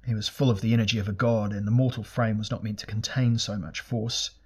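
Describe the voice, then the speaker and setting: A man narrating a fantasy audiobook in a steady, measured, dramatic reading. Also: lowish voice, slightly rough.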